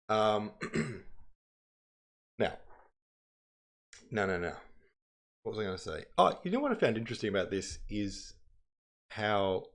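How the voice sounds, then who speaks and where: A man hosting a livestream, chatting in a rambling way and reading passages aloud. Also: low voice. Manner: rambling, chatty, self-interrupting. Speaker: livestream host.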